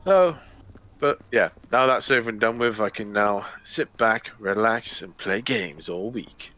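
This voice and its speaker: A man's voice: lowish voice, unhurried, pushed and bright. A man hosting a gaming video, chatting casually and joking in a rambling way. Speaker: gaming channel host. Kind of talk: casual chat while playing.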